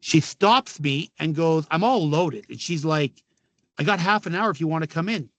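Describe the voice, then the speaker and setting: Guest, middle-aged Canadian man, storyteller, profane, slightly high voice, dry close mic. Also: normal speed, no echo. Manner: animated, profane, quotes people in dialogue. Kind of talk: casual storytelling.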